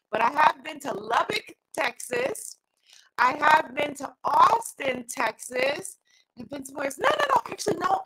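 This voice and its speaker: Middle-aged New York woman, high and bright, lively sing-song host energy. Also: rough recording. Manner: energetic, sing-song greetings, laughs often. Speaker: host of a weekly inspirational livestream. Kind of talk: upbeat livestream chat.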